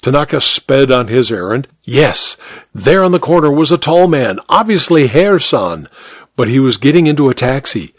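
Man reading a story aloud, lively rising and falling pitch, measured pace, dry close recording. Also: dry recording. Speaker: narrator.

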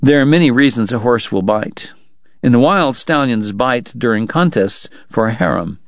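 A man reading a novel aloud in measured storytelling narration. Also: medium pitch, expressive, vocal fry, no echo, muffled recording. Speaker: audiobook narrator. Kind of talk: scripted narration.

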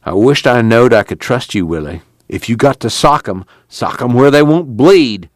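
Casting: a man doing an anxious camp leader, earnest drawl, lively ups and downs, dry close sound. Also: medium pitch, normal speed, no echo, pitched above the performer's own voice, lightly acted. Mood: stern. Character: worried stern male camp committee leader.

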